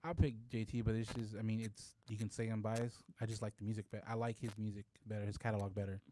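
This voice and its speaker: A man co-hosting a casual talk podcast, arguing his side in an animated, interrupting way. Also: on the low side, fast, a little hiss or hum. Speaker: podcast co-host. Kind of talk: casual debate chat.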